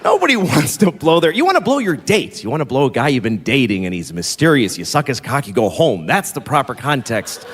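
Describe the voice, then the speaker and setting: A middle-aged man doing a stand-up comedy set on stage, with exasperated, mocking delivery and sudden high shouts. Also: big pitch swings, a little fast, few pauses, slightly rough, a faint crowd. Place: large venue with a live audience. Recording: live hall recording with long reverb.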